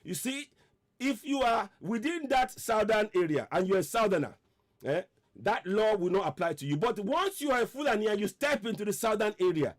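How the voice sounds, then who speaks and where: A man hosting a radio commentary, his voice pitched high and swinging widely as he presses his point. He piles up repeated rhetorical questions with mounting force. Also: expressive, moderate pace. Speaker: online radio host. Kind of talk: impassioned political commentary.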